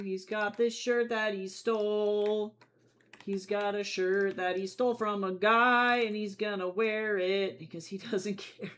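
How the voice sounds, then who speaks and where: Excitable, chatty young comic-artist streamer. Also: mid-range voice, a little slow, clean tone. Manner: excitable and chatty, swinging between loud squeals and soft mutters; self-deprecating and jokey. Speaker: comic artist livestreaming while drawing. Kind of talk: casual livestream chat.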